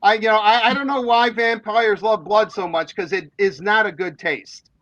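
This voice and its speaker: A sports radio host with a high voice speaks at normal speed on a muffled recording with no room sound. He tells animated, rambling stories in casual chat packed with fillers.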